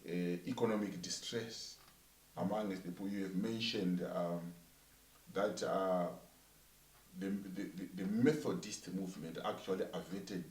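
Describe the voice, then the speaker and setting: A man interviewing a minister, echoing his guest's words and pausing with many fillers. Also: sits low, steady tone, darkish tone, far from the mic. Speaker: interviewer, church coordinator. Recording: echoey room, off-mic.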